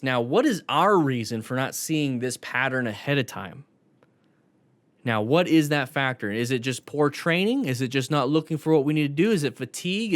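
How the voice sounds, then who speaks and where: A motorcycle safety instructor gives casual commentary over crash clips, coaching viewers and addressing them directly. He has a mid-range voice, and the recording has no echo.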